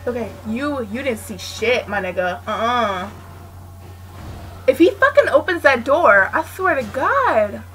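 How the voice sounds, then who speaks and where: Frantic high-voiced woman gamer. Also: big pitch swings, a little slow, a little hiss or hum. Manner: frantic, swearing, yelling at game characters; drops to a hushed mutter while hiding. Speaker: gaming channel host. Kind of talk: let's play commentary.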